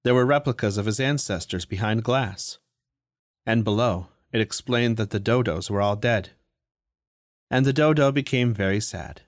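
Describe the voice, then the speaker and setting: Man narrating a storybook, lowish voice, dry close mic. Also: moderate pace, no room sound. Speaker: audiobook reader.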